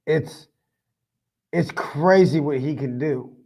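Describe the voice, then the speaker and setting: A man's voice: a little high, takes it slowly, darkish tone. A man hosting a fan sports podcast, fired up, profane and rambling with lots of "I mean". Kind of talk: casual fan commentary.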